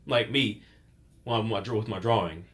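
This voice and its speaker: Male podcast host, lower register, loose rambling delivery with quoted asides. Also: normal speed, a bit bright. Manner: rambling, acts out quoted voices. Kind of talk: casual chat.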